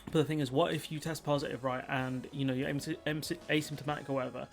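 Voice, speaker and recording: A man's voice: on the high side, level tone, fast talker, creaky, soft background music. A man giving rambling, frustrated political commentary, full of fillers and restarts.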